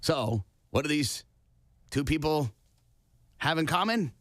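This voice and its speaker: A man's voice: fairly high pitch, animated, slow pace, fairly bright tone, dry recording. A man co-hosting a podcast in casual chat, telling a story with wry asides. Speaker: podcast co-host.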